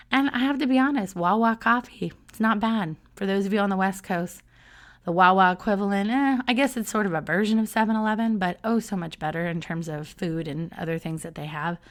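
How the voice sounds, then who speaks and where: A middle-aged woman hosting a solo podcast, talking casually in a chatty, self-mocking way and laughing often. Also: mid-range voice. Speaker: podcast host.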